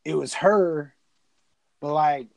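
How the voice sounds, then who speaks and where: A young man in casual podcast chat, retelling a horror movie with profanity, rambling asides and quick character voices. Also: on the high side, creaky, dry recording, rough recording. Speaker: podcast co-host.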